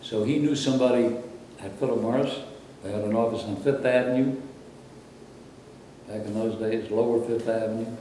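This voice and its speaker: A man's voice: mid-range voice, fairly even intonation, moderate pace, warm tone, heavy reverb, far from the mic, a little hiss or hum, poor audio. An older man from Brooklyn, New York, reminiscing in a rambling, anecdotal way during an interview. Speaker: interviewee, former radio announcer.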